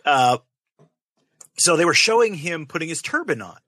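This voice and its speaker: Bright-voiced wry podcast man. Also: a little high, big pitch swings, moderate pace, no room sound. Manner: easygoing, wry storytelling with hesitant fillers. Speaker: podcast co-host. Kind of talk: casual podcast banter.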